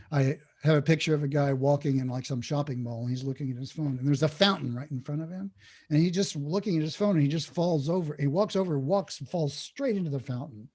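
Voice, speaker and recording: Husky-voiced man explaining mindfulness. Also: fairly high pitch. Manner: animated, acts out inner thoughts in quotes. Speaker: guest on speaking podcast, mindfulness teacher. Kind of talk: podcast interview talk.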